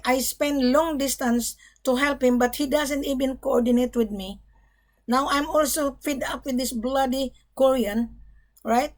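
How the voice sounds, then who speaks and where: A middle-aged woman gold broker talking to camera in a blunt, emphatic monologue, often swearing "bloody". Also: high-pitched.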